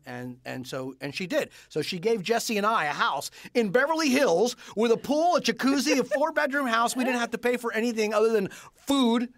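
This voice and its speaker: A high-voiced man tells stories with energy, acting out the people in them and tripping over his own restarts. He sounds close and dry, with no room echo. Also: moderate pace, few pauses. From California. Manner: animated, acts out voices, stammers on restarts. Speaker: guest. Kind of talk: storytelling in conversation.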